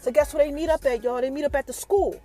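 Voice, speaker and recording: A woman's voice: high-pitched, fast talker, mellow, faint music behind. A woman hosting a podcast and recapping a TV episode in a casual, slangy way. She keeps calling out to her listeners and teasing them with questions. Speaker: podcast host.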